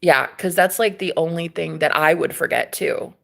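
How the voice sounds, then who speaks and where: Animated, cussing young woman vlogger. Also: deep voice, moderate pace, creaky. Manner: animated, profane storytelling with slang. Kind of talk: storytime vlog.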